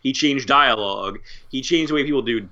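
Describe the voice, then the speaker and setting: A man's voice: medium pitch, brisk, bright, forceful tone, dull audio. A man co-hosting a podcast, rambling through opinions in casual chat and swearing freely. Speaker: podcast co-host.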